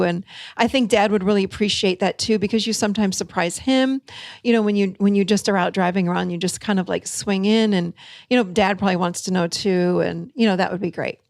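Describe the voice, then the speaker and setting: A woman hosting a solo talk show, teaching and acting out example lines in an animated way. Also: mid-range voice, no echo, clean studio sound. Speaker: podcast host and coach.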